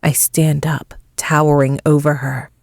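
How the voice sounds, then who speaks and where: A woman narrates a story in the first person, reading slowly and with measured emotion. Her voice is low and the recording is dry, close and free of room sound. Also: level tone, creaky, no room sound. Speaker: audiobook narrator.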